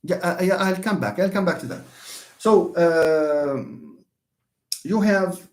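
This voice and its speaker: Moroccan male English teacher, animated up-and-down delivery, patient and repetitive. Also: high voice, takes it slowly. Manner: switches between English and Darija, repeats key points; animated, calls on students by name. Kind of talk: online classroom lesson.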